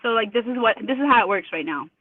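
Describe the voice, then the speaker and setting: A woman's voice: a little high, animated, fast talker, dry recording. Woman venting emphatically over a tinny call, dry thin sound, keeps acting out what others said. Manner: emphatic, indignant, quotes others with mimicked voices. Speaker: interview guest. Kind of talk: remote interview over a call. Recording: tinny phone-line audio, dry.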